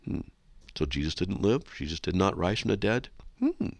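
A man's voice: expressive, normal speed, no room sound. A man hosting a radio show, reading listener mail aloud and answering it in a sarcastic, mocking way. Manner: sarcastic and mocking, with big swoops in pitch.

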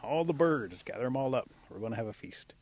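A man's voice: medium pitch, animated, brisk, a little mellow. Man doing an earnest, proud eagle chief of the birds. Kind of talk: oral storytelling.

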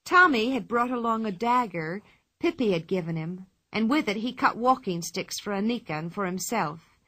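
A woman narrating a children's storybook with expressive telling. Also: mid-range voice, moderate pace. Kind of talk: storybook reading.

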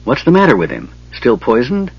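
A man's voice: medium pitch, huge pitch swings, brisk, creaky, husky, no echo, dull audio, full character voice. A man voicing a wary, curt knight in an audiobook. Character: stern wary knight, grim and dry.

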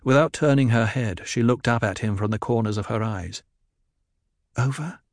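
A man in scripted audiobook narration, telling the story in a measured, even way. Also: on the low side, no room sound, clean studio sound.

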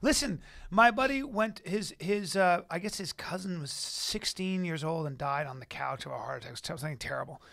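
A man tells stories in a loose, animated way, dropping to a low mutter for asides. His voice sits high and has a bright, forceful edge. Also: brisk, creaky, hardly any pauses. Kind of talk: casual storytelling chat.

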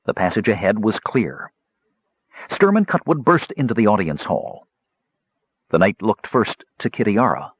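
A man narrating a fantasy audiobook in an expressive storytelling manner. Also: lowish voice, a little slow, long pauses, husky, no room sound. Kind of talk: scripted narration. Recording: slightly dull lo-fi recording.

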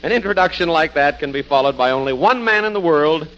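A man working as a 1940s radio announcer, giving formal, booming introductions. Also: expressive, fast, fairly bright tone. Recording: dull 1940s radio broadcast with faint music.

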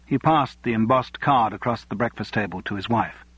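A man narrates a novel at a measured, even pace. His voice is husky and sits at a middle pitch. The dry, close recording sounds dull. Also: no room sound. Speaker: audiobook narrator. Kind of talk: scripted narration.

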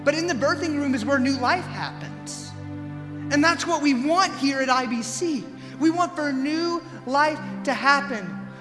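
A male pastor preaching a sermon with passion, swinging between hushed earnest lines and loud, pleading ones. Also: very high voice, long reverb tail. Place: church sanctuary.

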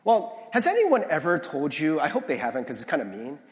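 A man's voice: a little high, huge pitch swings, fairly quick. A male pastor giving a conversational sermon, often checking in with "right?" and acting out the voices he quotes. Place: church sanctuary. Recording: long hall reverb.

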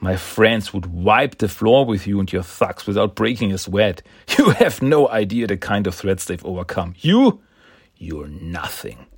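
A man voicing a fierce, sarcastic woman assassin held prisoner, defiant, with a husky low voice. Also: moderate pace, few pauses, no echo, studio quality.

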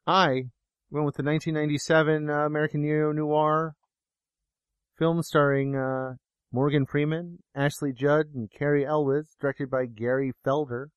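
A man's voice: a little high, smooth, no echo, dull audio. A man co-hosting a film review podcast, talking in a jokey, rambling, self-deprecating way. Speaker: podcast co-host reviewing films. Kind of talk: casual chat.

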